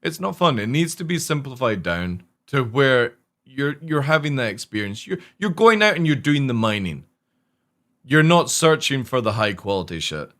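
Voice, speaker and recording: Animated, swearing man ranting on stream. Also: medium pitch, normal speed. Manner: animated, swearing often, exasperated. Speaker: game streamer. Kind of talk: profane casual rant while streaming.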